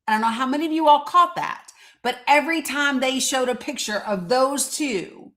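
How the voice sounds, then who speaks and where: A woman hosting a commentary monologue, talking in a heated, blunt way, swearing and reading quotes aloud. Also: high voice. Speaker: host.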